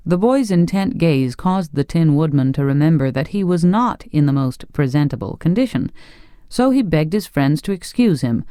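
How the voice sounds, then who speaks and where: An audiobook narrator reading a fantasy tale in a measured storytelling way. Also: medium pitch, warm tone, clear, resonant tone, no room sound, studio quality. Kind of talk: scripted narration.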